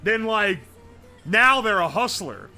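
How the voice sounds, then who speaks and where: A man's voice: sits high, animated, takes it slowly, bright, forceful tone, faint music behind. A man streaming live, chatting casually and profanely as he rambles and answers his chat.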